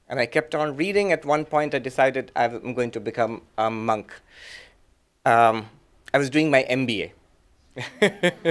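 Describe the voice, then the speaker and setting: A middle-aged man, a monk, giving a talk that mixes teaching with personal stories, in short phrases with frequent pauses and soft chuckles. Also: medium pitch, clean tone. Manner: gentle, reflective, chuckles softly at his own anecdotes. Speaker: monk and guest speaker. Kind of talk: lecture with personal storytelling.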